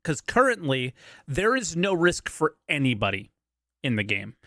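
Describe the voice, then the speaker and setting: A man's voice: on the high side, very animated, normal speed, bright, forceful tone, no echo, studio quality. Blunt skeptical man reacting to a video. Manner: blunt and skeptical, interjects to push back. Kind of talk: casual reaction commentary.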